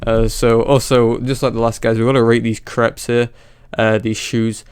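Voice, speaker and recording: Flat, mocking male reaction commentator. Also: medium pitch, normal speed, smooth, no room sound, clean studio sound. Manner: mocking, profane, flat delivery.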